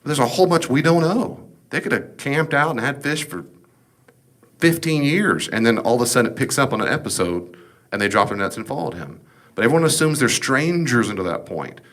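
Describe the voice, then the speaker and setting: A man's voice: medium pitch, a bit bright. A man teaching a Bible lesson as a pastor, in a conversational, emphatic style full of rhetorical questions.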